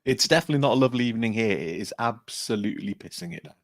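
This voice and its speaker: A man's voice: medium pitch, lively intonation, very fast, dry recording, studio quality. A man co-hosting a casual podcast livestream, wry and blunt, joking with the host.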